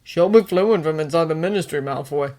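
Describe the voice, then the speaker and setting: A woman's voice: low voice, a little fast, darkish tone, natural voice. Woman voicing a blunt teenage boy wizard. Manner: snappy and blunt.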